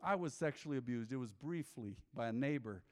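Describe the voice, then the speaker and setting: A man preaching as a pastor in a church, emphatic, swinging between loud bursts and quiet asides, calling on the congregation to answer back. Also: expressive, brisk. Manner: emphatic, big swings in pitch and loudness; calls for congregation responses. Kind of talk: sermon. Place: urban church. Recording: long hall reverb in a church.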